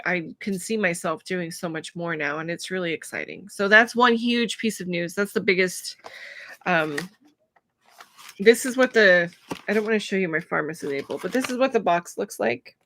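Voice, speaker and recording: A woman's voice: fairly low pitch, sharp tone. Emotional woman talking to camera. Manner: emotional, searching for words, many pauses and fillers. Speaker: vlogger. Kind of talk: personal vlog talking to camera.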